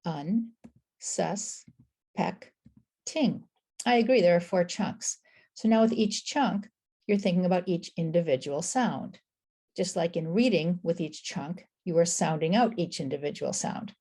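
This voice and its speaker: A woman teaching early reading, encouraging, slowly sounding out words sound by sound. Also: on the low side, dark tone, slightly rough. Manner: encouraging, affirms with "I agree" and "excellent". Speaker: reading tutor. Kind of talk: instructional explanation.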